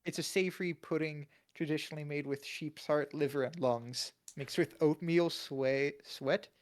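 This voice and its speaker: A young man with a Midwestern American accent co-hosts a casual podcast, speaking at a normal pace with a slightly high voice and fairly even intonation. He jokes around, laughs often, and reads aloud from searches.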